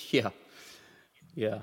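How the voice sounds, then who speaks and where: A man's voice: extremely slow, big-room sound. A man with a Southern US accent hosting a podcast, chatting in a folksy, joking way. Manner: folksy, joking, lively interjections. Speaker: podcast host. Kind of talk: casual interview chat.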